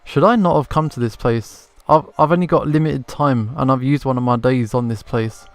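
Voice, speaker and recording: A man's voice: mid-range voice, moderate pace, no echo. A man commentating his game playthrough, thinking aloud and second-guessing himself. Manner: thinking aloud, self-doubting. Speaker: let's play gamer.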